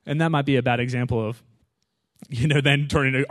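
A man preaching in a conversational, animated way, often asking the audience "right?" and "you know". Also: mid-range voice, fairly quick, no room sound, studio quality. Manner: animated, acts out his own prayers with rising intensity. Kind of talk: conversational sermon.

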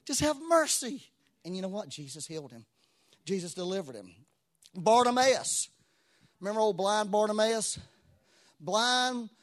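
Animated preacher man, higher voice. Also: normal speed, long pauses. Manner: animated storytelling, swinging between loud exclamation and quiet asides. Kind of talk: sermon.

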